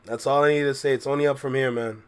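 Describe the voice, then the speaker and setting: A man's voice: mid-range voice, steady tone, fast, smooth. A young man casually chatting with his viewers on a livestream, laid-back and full of slang, reading out and answering chat messages. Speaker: reaction streamer.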